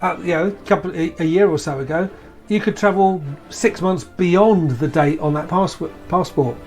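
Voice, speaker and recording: A man's voice: high-pitched, normal speed, a little mellow, soft background music. A British man in his sixties, a tabletop game player chatting casually and rambling, repeating words as he restarts. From Britain. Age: 60s. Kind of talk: casual chat.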